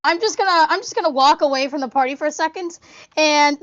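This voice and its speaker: A woman playing a tabletop game, excitable and quick to joke. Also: high voice, highs cut off. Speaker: player. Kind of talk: casual tabletop game play.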